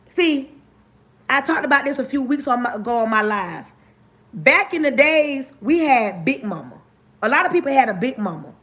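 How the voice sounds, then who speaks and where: A woman's voice: high voice, a bit bright. A woman hosting a livestream, giving emphatic, repetitive life talk and often checking in with her listeners. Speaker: livestream host. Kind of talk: preachy motivational livestream talk.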